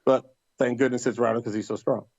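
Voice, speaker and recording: Speaking fairly quickly in a creaky mid-range voice, a middle-aged podcast guest casually relates a story. He's animated, giving the other characters' quoted lines livelier voices. There's no room sound, and the high frequencies are cut off.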